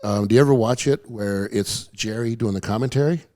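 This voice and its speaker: A man co-hosting a casual talk show, telling animated stories and acting out the people in them. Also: fairly low pitch, a little fast, dry recording, clean studio sound. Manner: animated storyteller, acts out quotes. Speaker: podcast host. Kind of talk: casual storytelling chat.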